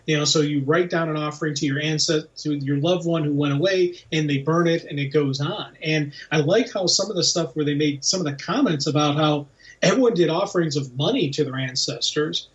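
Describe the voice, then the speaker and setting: Male podcast co-host, lively casual chat, somewhat high voice, muffled far-off mic. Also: brisk. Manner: animated, acts out voices when retelling scenes.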